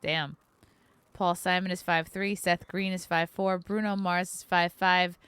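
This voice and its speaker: A woman's voice: lowish voice, flat delivery, normal speed, fairly bright tone, smooth, no echo. A woman hosting a podcast, reading facts aloud in casual chat and cracking crude jokes. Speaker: podcast host.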